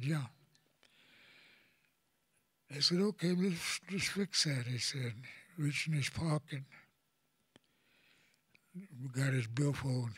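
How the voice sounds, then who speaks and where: An older man from Oklahoma tells a personal story to an audience in a halting, plain-spoken way, often repeating words as he goes. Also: medium pitch, slightly rough, no room sound. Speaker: elder speaker.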